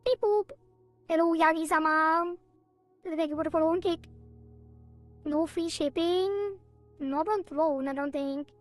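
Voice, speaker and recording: Giggly high-voiced woman streamer. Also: steady tone, unhurried, pauses often, no echo, soft background music. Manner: chatty, giggly, rambling with playful sound effects. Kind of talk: casual live-stream chat.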